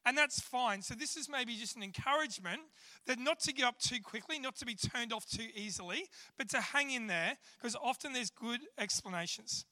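An Australian man delivers a casual, self-deprecating sermon in a church. His voice sits very high and sounds bright and sharp. A long reverb from the church hall trails after his words. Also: normal speed. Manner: chatty, self-deprecating, with fillers. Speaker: church speaker. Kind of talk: sermon with humorous storytelling. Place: church service.

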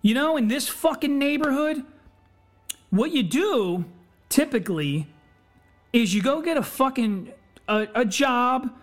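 High-voiced, blunt, cursing man. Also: lively intonation, measured pace, long pauses, soft background music. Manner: blunt and heavily profane; impassioned, earnest. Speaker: podcast host. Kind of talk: candid personal monologue.

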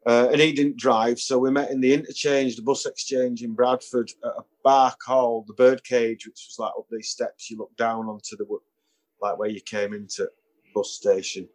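A man's voice: mid-range voice, level tone, moderate pace. Male musician, anecdotal, chuckling, mimics people in his stories. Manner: anecdotal, chuckling, acts out quoted voices. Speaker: musician guest. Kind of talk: casual storytelling interview.

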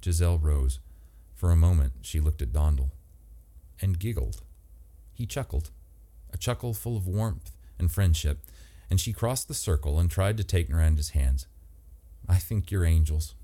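Man, deep voice, very dark tone, measured audiobook narration. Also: lively intonation.

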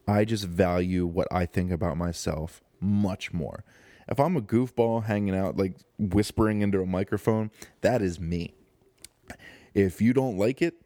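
A man's voice: fairly low pitch, mellow, no room sound. A young man hosting his own podcast, talking casually in a rambling, joking way with lots of fillers and restarts, close to the microphone. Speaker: podcast host. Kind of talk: casual solo podcast monologue. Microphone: close studio microphone.

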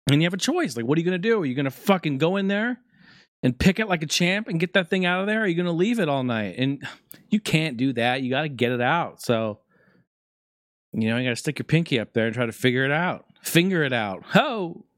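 A man hosting a casual talk show, rambling through news and stories in a profane, joking, animated way. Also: fairly high pitch, quick pace, no echo, clean studio sound. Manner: profane, jokey, animated storytelling. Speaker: podcast host.

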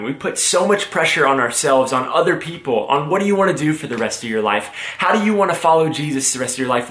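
A young man preaching a sermon, with energetic, joking and animated storytelling. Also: a little high. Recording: roomy echo.

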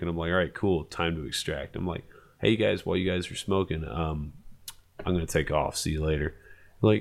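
A man telling a funny story in casual chat, animated and profane, acting out what people said. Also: deep voice, normal speed, creaky. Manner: animated, profane, acts out quotes.

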